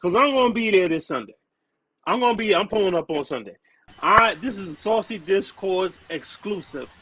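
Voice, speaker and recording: A man's voice: high-pitched, animated, normal speed, a bit bright, breathy edge, poor audio. A man, co-hosting a podcast and trash-talking sports rivals with brash, repetitive emphasis. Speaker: podcast co-host. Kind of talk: heated sports banter.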